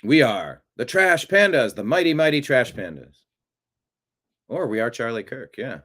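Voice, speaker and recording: An American man hosts a casual live stream, reading viewer comments and drifting into rambling, jokey asides. His voice sits at an ordinary middle pitch. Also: very animated, normal speed, a bit bright. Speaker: show host.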